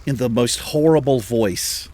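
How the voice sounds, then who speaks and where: A gaming channel host with a medium-pitched, dark-toned voice speaks a little slowly, telling a long, exasperated anecdote over gameplay with a lot of swearing. A little hiss or hum sits under the recording.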